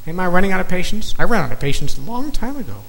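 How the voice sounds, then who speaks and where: High-voiced guy preaching slow and emphatic, big echoey hall, bit of hiss. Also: very animated, gravelly, a bit bright. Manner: slow, emphatic preaching with dramatic drops to near-whisper. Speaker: pastor. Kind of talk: sermon. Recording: long reverb of a large hall, faint noise.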